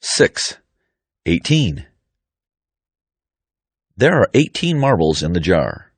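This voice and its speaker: Man, very deep voice, lively pitch, slow deliberate drill reading. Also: no echo. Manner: deliberate, clearly articulated reading. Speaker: pronunciation teacher.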